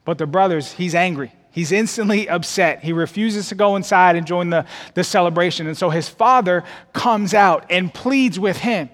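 A male pastor preaches in a high, bright voice that climbs and swells for emphasis. His delivery is folksy and direct, calling the congregation y'all. The sound carries a long reverb from a church sanctuary. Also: normal speed, few pauses. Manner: expressive preaching, climbs higher and louder for emphasis. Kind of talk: sermon.

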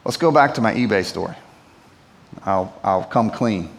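A man's voice: on the low side, expressive, moderate pace, vocal fry. A pastor preaching a sermon to his church in a conversational, storytelling manner. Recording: long hall reverb.

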